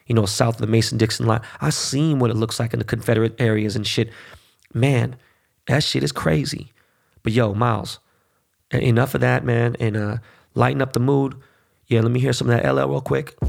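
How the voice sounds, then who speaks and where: A man's voice: medium pitch, gravelly, a little mellow. A man hosting a podcast, talking bluntly and profanely in a heated, casual monologue. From United States. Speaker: podcast host.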